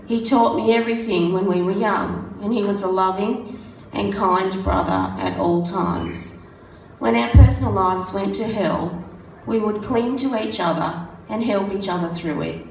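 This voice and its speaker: A woman with a croaky, hoarse voice, reading out a prepared tribute in a steady, measured way. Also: medium pitch, a little hiss or hum. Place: function room. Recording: roomy sound from a distant mic.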